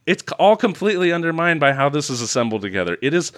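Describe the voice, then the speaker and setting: A man's voice: a little high, sing-song, fast talker, no room sound, clean studio sound. Sarcastic man ranting about a movie. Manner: sarcastic, swears freely, laughs often. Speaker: podcast co-host. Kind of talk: casual movie review chat.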